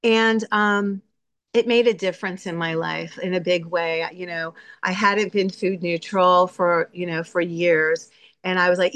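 A woman's voice: fairly low pitch, moderate pace, a bit bright. A woman giving a candid, chatty personal share at a recovery meeting, laughing often and acting out her own inner voice. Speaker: speaker sharing at a recovery meeting.

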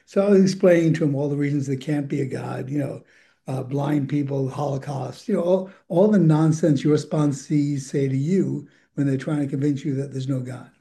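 Older male recovery speaker, very mellow dark tone, slightly high pitch, candid and rambling. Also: normal speed, gravelly. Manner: candid, rambling, chuckles often. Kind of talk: personal recovery share.

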